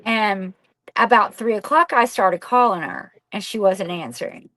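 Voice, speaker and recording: A woman's voice: medium pitch, a little slow, bright, forceful tone, poor audio. A middle-aged woman, a podcast guest telling a painful personal story candidly, rambling and swearing casually.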